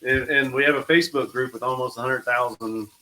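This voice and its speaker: Relaxed man telling a story. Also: medium pitch, brisk, poor audio. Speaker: guest, brand founder. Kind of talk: casual podcast storytelling.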